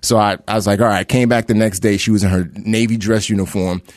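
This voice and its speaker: A man's voice: fairly low pitch, no echo, studio quality. A man from Nigeria, a podcast guest, telling his life story in casual chat and acting out the people in it. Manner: fast, animated storytelling with acted quotes.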